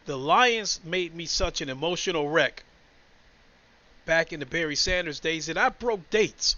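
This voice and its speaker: Blunt, high-voiced man ranting about football. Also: lively intonation, unhurried, bright, forceful tone, highs cut off. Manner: blunt, profane, emotional storytelling. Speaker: sports commentator. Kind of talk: casual sports rant.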